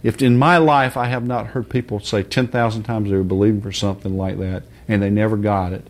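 Fairly quick and steady in tone, a man preaches casually in a frank, folksy way, swearing mildly; he drops to a soft, low register, then builds to loud, high-pitched shouts.

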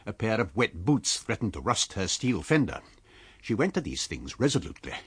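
A man with a low, slightly husky voice tells a classic tale in measured storytelling. His pitch rises and falls with lively expression, and the sound is close and dry, like a studio radio reading. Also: no echo. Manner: measured storytelling, voicing characters lightly. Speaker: audiobook reader.

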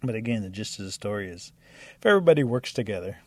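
A man telling a traditional animal folk tale in a lively, animated way. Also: lowish voice, fast, dry recording. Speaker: storyteller. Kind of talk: oral storytelling.

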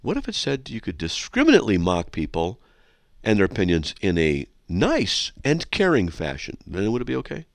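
Sarcastic low-voiced radio host. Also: male voice, huge pitch swings, moderate pace, gravelly, dry recording. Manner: sarcastic and mocking, with big swoops in pitch. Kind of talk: reading and answering listener mail on air.

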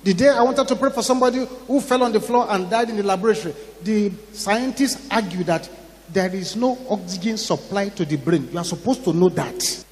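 A man with a Ghanaian English accent preaching a sermon, telling a story dramatically, acting out the voices in it and rising to shouts. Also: high voice, fairly quick, a little hiss or hum. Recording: long hall reverb.

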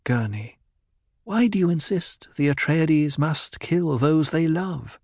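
A man reading a composed noble mother figure, speaking gently and soothingly in a raised voice. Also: a little high, lively intonation, slow, no room sound, studio quality, voice pushed up, exaggerated voice.

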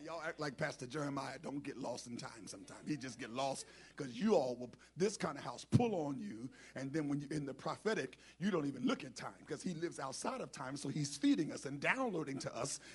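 A man preaching as a bishop, with call and response to the congregation, swinging from low muttered asides to shouted preaching. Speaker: bishop preaching as guest speaker. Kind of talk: black church sermon with call and response. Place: church sanctuary with congregation.

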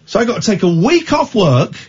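A man's voice: sits high, big pitch swings, fairly quick, darkish tone, slightly rough. A man hosting a late-night radio phone-in, teasing callers and laughing often. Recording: slightly dull radio broadcast.

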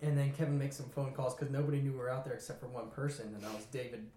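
A young man casually telling a story in a lively way, acting out what people said. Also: mid-range voice, racing. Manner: animated, laughing, acts out quotes. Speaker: podcast co-host telling a story. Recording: echoey room.

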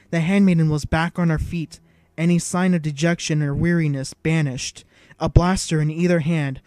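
Male audiobook narrator, warm mellow voice, steady measured reading, dry sound. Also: a little high, no room sound. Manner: measured, even storytelling.

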